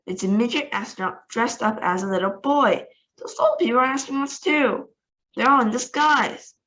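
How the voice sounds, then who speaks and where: A woman doing a shouting male mission controller. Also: on the high side, normal speed, dull audio, voice pushed up, close to an everyday voice. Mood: frantic. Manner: shouting, snappish.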